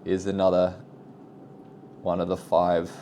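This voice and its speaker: Low-voiced young man rambling casually. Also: monotone, a little slow, dark tone, slight background noise. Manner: rambling, self-deprecating, trails off into asides. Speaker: vlogger. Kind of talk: casual self-improvement vlog.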